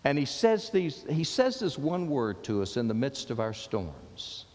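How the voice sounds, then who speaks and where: A man preaching a sermon as pastor, with impassioned delivery that drops low and soft when he quotes the words of Jesus. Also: big pitch swings, a little slow, long reverb tail.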